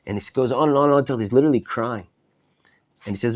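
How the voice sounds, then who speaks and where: Animated man telling a story in class. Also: mid-range voice, fast, long pauses. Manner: animated storyteller, many restarts and repeated words. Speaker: rabbi teaching a class. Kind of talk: storytelling lesson. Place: study hall.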